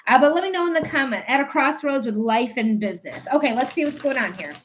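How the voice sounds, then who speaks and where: A woman's voice: sits high, animated, quick pace, a little hiss or hum. A woman hosting a live psychic reading stream, chatting casually and affectionately with viewers and rambling with fillers. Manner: affectionate toward viewers, calls them my love; rambling, with many fillers and restarts. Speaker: livestream psychic reader.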